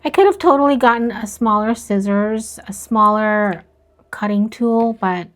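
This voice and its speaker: A woman vlogging about plant care, talking softly and slowly as she works, with worried asides. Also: fairly high pitch. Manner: slow, soft-spoken, worried asides. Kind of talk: casual narration while working.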